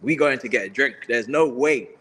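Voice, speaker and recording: A man's voice: mid-range voice, normal speed, a bit bright, a little hiss or hum. A young man hosting a livestream, ranting in slangy, exasperated, muttering casual talk. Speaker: livestream host.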